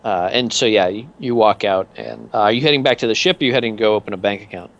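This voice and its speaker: A man's voice: lowish voice, quick pace, gravelly, dull audio. A man narrating as game master in a tabletop game, in a loose, filler-heavy way.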